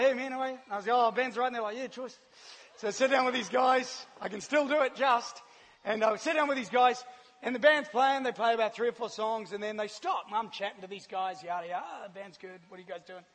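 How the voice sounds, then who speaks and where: This guest speaker's voice is high and fairly bright as he recounts his personal story to a live crowd. He acts out scenes and laughs often, with the sound trailing into a long hall reverb.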